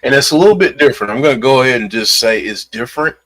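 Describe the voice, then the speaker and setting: A man's voice: mid-range voice, lively intonation, racing, a crowd in the background. A man co-hosting a wrestling podcast in casual chat, easygoing and polite, hedging with fillers. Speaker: podcast co-host.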